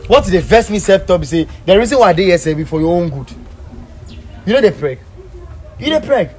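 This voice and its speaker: A man's voice: high voice, lively intonation, a little fast, darkish tone, faint music behind. An actor with a Ghanaian accent playing a cheeky young man who teases and blackmails in pidgin banter. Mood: cocky. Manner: brash, teasing pidgin banter. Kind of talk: comedy drama acting.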